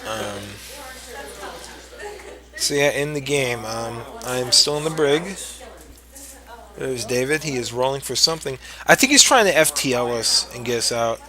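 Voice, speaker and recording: A man's voice: medium pitch, moderate pace, crowd noise, poor audio. A man ranting about a board game rule late at night, profane and exasperated, rambling with many restarts. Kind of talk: casual ranting commentary.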